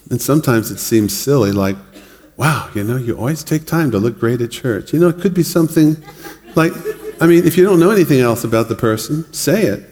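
A man preaching a sermon in a relaxed, conversational way, often laughing and acting out other people's words. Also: mid-range voice. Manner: conversational, laughs often, acts out quoted voices. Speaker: pastor. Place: church hall. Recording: long reverb of a church hall.

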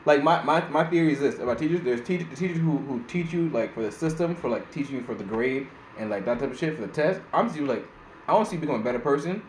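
Young male podcast co-host, blunt and profane, animated delivery, roomy echo, light noise. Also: a little high, fast. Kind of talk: casual podcast chat. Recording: echoey room, faint background noise.

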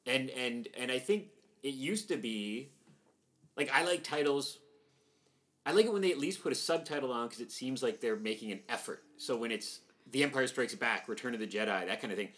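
A man's voice: mid-range voice, lively intonation, brisk, fairly bright tone. A man in his forties, from Canada, chatting casually as a podcast host, rambling with many restarts. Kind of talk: casual chat.

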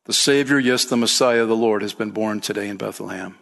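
A man's voice: lowish voice, brisk, creaky, fairly bright tone. A man preaching a sermon as pastor, emphatic, lifting his voice for key points and calling listeners "man" and "friend".

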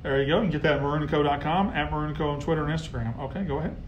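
A man hosting a casual live sports talk stream, heckling rivals and getting loud when riled. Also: fairly high pitch, rapid-fire, muffled recording, a little hiss or hum. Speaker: sports show host.

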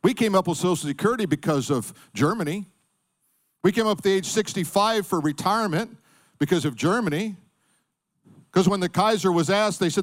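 Preaching with emphasis, a middle-aged pastor speaks briskly in a high voice. He draws call-and-response from the congregation, urging them to answer back.

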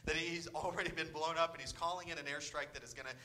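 A man's voice: a little high, steady tone, fast talker, bright, forceful tone, rough recording. A man preaching a sermon, earnest and often repeating his words, sometimes dropping almost to a whisper. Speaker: pastor.

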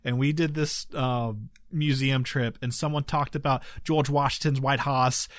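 Male co-host, mid pitch, conversational storyteller. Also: fairly even intonation, a little slow, no echo, studio quality. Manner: conversational, laughs often, storytelling. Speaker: podcast co-host. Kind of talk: casual chat.

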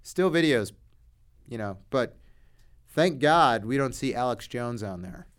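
A man's voice: medium pitch, animated, a little slow, clear, resonant tone. A man hosting a casual podcast chat, leading into topics and joking at his own expense. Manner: leads topics, self-deprecating. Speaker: podcast host.

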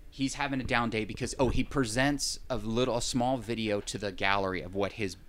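A man's voice: fairly low pitch, steady tone, brisk, a bit bright. A man in casual chat, recapping a film in a rambling way with wry, sarcastic asides.

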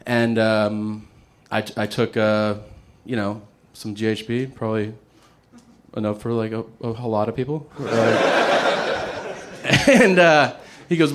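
A man telling a comedic personal story casually, swearing and acting out quotes with big jumps in pitch. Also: fairly even intonation, slow, long pauses, fairly bright tone.

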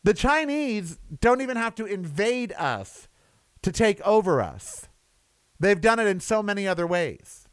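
Sarcastic man ranting, lively high voice. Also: a little slow, smooth, no room sound. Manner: sarcastic, exasperated, mocking asides. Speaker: commentator. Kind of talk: ranting monologue.

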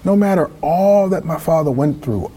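A middle-aged man from California, telling a personal story as a guest in a casual interview, animated and acting out family members. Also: on the high side, moderate pace, slightly rough. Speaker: guest, small business speaker.

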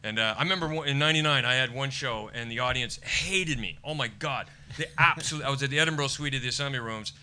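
An American comedian, middle-aged, telling lively anecdotes in a casual chat and acting out other people's lines. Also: male voice, medium pitch, fast talker, few pauses, clean tone. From United States. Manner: animated storyteller acting out quotes. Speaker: stand-up comedian guest.

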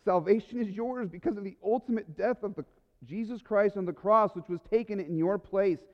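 A male pastor preaching an earnest, emotional sermon, often dropping to soft, quiet phrases. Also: sits high, brisk, in a large hall, dull audio.

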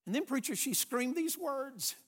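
A man delivers a sermon, and his voice sits unusually high. He preaches emphatically, swinging from hushed, quiet passages to loud, ringing ones as he reads scripture and tells stories. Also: lively intonation, moderate pace. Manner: dramatic storytelling, emphatic, shifts between hushed and loud.

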